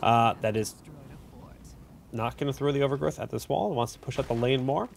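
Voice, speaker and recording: A man talking through game replays in a loose, chatty way at a middle pitch. He trips over his words and restarts often, and he jumps into excited yelps when a play goes wrong. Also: moderate pace, gravelly, a little hiss or hum. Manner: chatty, self-correcting, bursts into excited shouts at big plays. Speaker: host commenting on viewer-submitted game replays. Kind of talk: casual game replay commentary.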